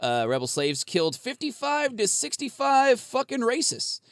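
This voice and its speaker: A man's voice: extremely high pitch, very animated, normal speed, a bit bright, no room sound, clean studio sound. A man co-hosting a podcast, rambling casually with lots of swearing and laughter. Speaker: podcast co-host.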